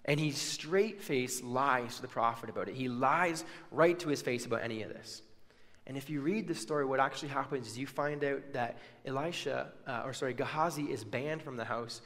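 A man's voice: mid-range voice, normal speed, fairly bright tone, long reverb tail. A man preaching a sermon, telling a story and acting out the people's words with casual asides. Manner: storytelling with acted-out quotes and asides.

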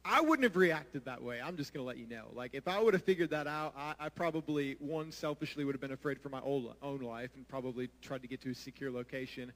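A man's voice: mid-range voice, fast talker, hardly any pauses, fairly bright tone. A man preaching a sermon, speaking earnestly and putting direct questions to his listeners. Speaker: pastor. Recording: long reverb of a large hall.

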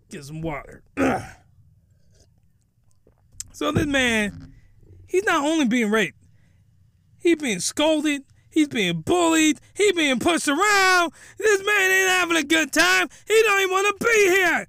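A man with a very high, bright voice, rambling through a comedic anime recap and getting loudly incredulous. The recording is dry and close, with no room sound. He jokes constantly and digresses. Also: lively intonation, slow, gravelly, long pauses, no room sound. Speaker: anime reviewer.

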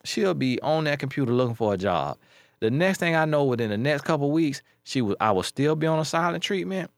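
Speaking fairly quickly in a slightly high, very animated voice, a male life coach offers casual advice commentary in a dry, studio-quality recording. His delivery is emphatic and blunt, full of street talk, and he keeps repeating key phrases to make his points stick.

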